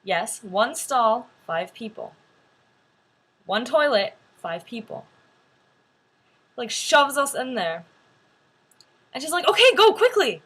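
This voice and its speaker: A young woman tells a story straight to her camera in a casual vlog. Her delivery is chatty and full of "like", and her voice sits fairly high and swoops animatedly up and down. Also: takes it slowly, pauses often, breathy edge. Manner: chatty, animated, many "like" fillers. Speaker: vlogger.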